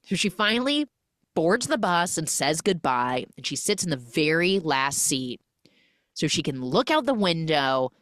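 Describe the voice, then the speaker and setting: A woman's voice: low voice, unhurried, no echo, studio quality. A woman hosting a podcast, recapping a film in casual chat and acting out the characters as she goes. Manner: animated storytelling, acts out the characters. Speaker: podcast host.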